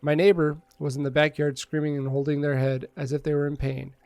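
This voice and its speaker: A man streams a game from home, reading its dialogue aloud in a casual way and tossing jokes to his viewers. His slightly high voice has a gravelly texture, and the close mic sounds dry. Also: little pitch movement, fairly quick, a little mellow, no echo. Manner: casual, joking, reads text aloud with asides.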